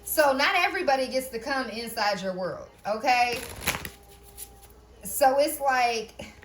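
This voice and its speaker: A woman gives a loose, chatty tarot reading in a slightly higher voice. She checks in with "okay?" after almost every thought. She laughs often and drops the odd curse word. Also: expressive, measured pace, a little hiss or hum. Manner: repeats "okay?" often, laughs, swears casually. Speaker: tarot reader. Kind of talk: casual spiritual reading.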